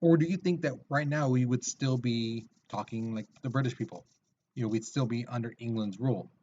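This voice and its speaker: A man's voice: mid-range voice, a little fast, darkish tone, lo-fi sound, slight background noise. A male teacher giving a recorded video lesson in a casual, chatty way with lots of fillers.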